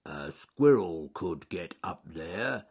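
Man doing a big slow-talking bear. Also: lively intonation, darkish tone, husky, exaggerated voice. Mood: muttering. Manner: low, slow mutter. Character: big heavy male bear, slow and kindly.

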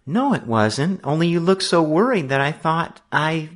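A man reading the part of a gentle little sister who speaks softly and coaxingly. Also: mid-range voice, sing-song, a little slow, husky, pitched above the performer's own voice. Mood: pleading. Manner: soft, coaxing. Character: gentle, studious little sister, soft and pleading.

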